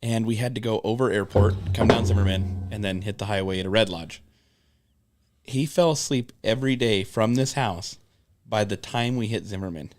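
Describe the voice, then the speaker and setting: A man's voice: lowish voice, normal speed, a little hiss or hum. A young man on a podcast telling road stories in casual chat, cursing freely and acting out what people said. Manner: animated storyteller, swears freely, acts out quotes. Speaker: podcast co-host.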